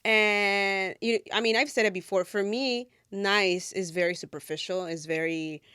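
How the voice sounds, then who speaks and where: A woman co-hosting a podcast in casual chat, animated, repeating words as she thinks aloud. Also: medium pitch, a little slow, clean tone, dry recording, studio quality. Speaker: podcast co-host.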